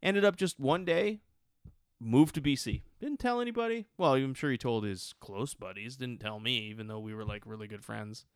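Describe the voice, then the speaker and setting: Smooth-voiced man, casual profane storytelling. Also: medium pitch, normal speed, no echo, studio quality. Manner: profane, rambling, lots of restarts and fillers.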